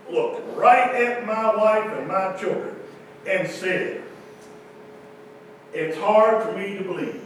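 A man telling a humorous story to a church audience in a folksy, animated way. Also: high-pitched, slight background noise. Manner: folksy, animated, Southern-style "y'all" talk with quoted voices. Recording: echoey hall, distant mic.

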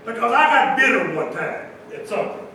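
A man telling a humorous story to a church audience in a folksy, animated way. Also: extremely high pitch, brisk, slight background noise. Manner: folksy, animated, Southern-style "y'all" talk with quoted voices. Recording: echoey hall, distant mic.

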